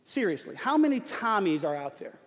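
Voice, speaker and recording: A middle-aged man preaching a sermon, telling a humorous story in an animated way. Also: high voice, brisk. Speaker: pastor. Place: church sanctuary. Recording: long church hall reverb.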